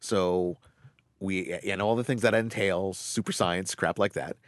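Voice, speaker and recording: A man chatting casually as a podcast co-host, telling stories with animated bursts and fillers. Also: no room sound, studio quality. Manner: animated storyteller, quick bursts, drops into low voices for quoted characters. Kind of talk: casual chat.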